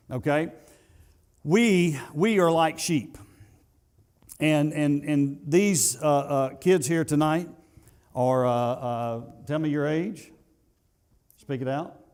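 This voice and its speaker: A pastor preaching a sermon in a church, building to emphatic peaks and then dropping to soft asides, with some halting repeats. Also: male voice, a little high. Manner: halting repetitions. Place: church sanctuary.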